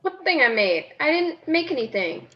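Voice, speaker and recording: Female player: excitable, quick to laugh, slightly high voice, lo-fi audio. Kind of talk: casual tabletop play.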